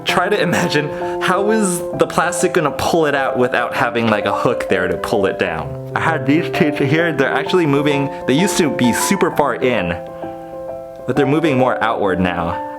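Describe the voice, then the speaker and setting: Casual male vlogger, mid-pitched and chatty, loud guitar music behind. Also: very animated, moderate pace. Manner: chatty, explanatory. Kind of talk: casual vlog explaining to camera. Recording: vlog with loud background music.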